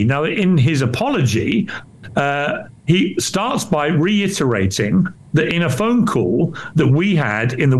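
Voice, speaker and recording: A middle-aged man, a former newspaper editor answering interview questions in an indignant, emphatic way. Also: a little high. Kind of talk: defensive on-air interview.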